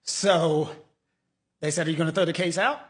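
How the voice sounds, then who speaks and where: A man's voice: on the high side, moderate pace. A middle-aged man, a lawyer, giving casual legal commentary and acting out quotes in mocking voices. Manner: animated, mocking, acts out quotes.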